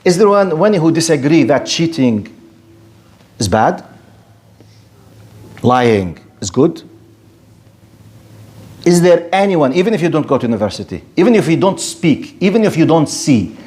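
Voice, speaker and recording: A man's voice: fairly high pitch, big pitch swings, normal speed, pauses often, a little mellow. A man who speaks natively, giving a religious lecture in English. He argues animatedly and rhetorically, playing out debates with imagined objectors. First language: Arabic. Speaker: Islamic lecturer.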